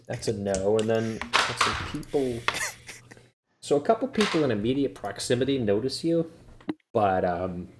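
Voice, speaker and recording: A man's voice: on the low side, big pitch swings, moderate pace, very noisy. A young man narrating as game master, casual and hesitant with many ums.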